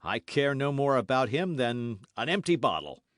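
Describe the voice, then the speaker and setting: An unflappable aristocratic swordsman speaks in a calm, stately way with dry irony, as a male narrator puts him on. His delivery moves through a lively range of pitch. The recording is close and dry, as in a storybook reading. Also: moderate pace, dry recording, natural voice. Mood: calm, ironic.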